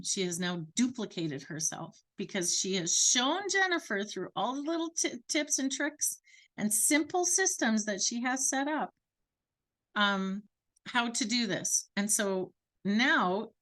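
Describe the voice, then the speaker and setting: A woman coaching her business team, telling an animated story. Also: medium pitch. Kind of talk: storytelling talk.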